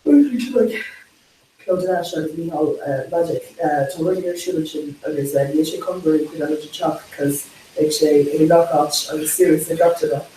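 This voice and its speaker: Young man, high voice, loose rambling banter, recorded far off in a roomy space. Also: moderate pace, mellow. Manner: rambling, laughing, acting out quotes. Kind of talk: casual chat among friends. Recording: echoey room, mic far off, faint hiss.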